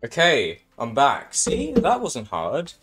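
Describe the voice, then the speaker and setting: A man's voice: medium pitch, wildly swooping pitch, takes it slowly, fairly bright tone, husky, no echo, soft background music. A male streamer chatting casually with his viewers, rambling and apologizing a lot. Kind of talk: casual live-stream chat.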